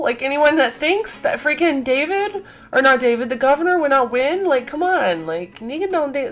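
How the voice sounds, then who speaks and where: A young adult woman vlogger telling a story in an excited, gushing, chatty way, full of fillers. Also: fairly high pitch.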